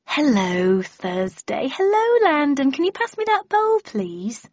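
A woman's voice: high voice, very animated, slow, a little mellow, no room sound, dull audio, pitched above the performer's own voice, full character voice. A woman voicing a bustling, fussy middle-aged mother who coos and scolds, in a storybook reading. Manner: cooing, scolding, fluttery.

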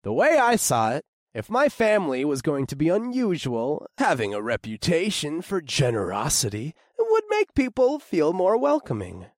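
Expressive male audiobook narrator. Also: a little high, moderate pace, hardly any pauses, no room sound, clean studio sound. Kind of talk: first-person audiobook narration.

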